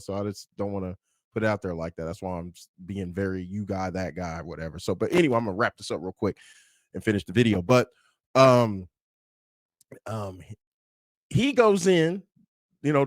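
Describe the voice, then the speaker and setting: A man from Kansas giving a casual, animated film commentary, swearing freely and acting out the lines he quotes. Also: medium pitch, dry recording. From Kansas, USA. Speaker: movie review YouTuber.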